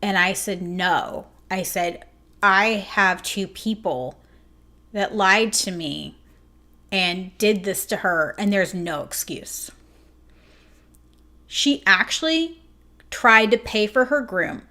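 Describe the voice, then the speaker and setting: A woman's voice: mid-range voice, bright, forceful tone. A woman who owns a grooming salon, telling a story in an emotional, casual way with many "like"s. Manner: emotional, fast-shifting retelling with many "like"s. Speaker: grooming salon owner and host.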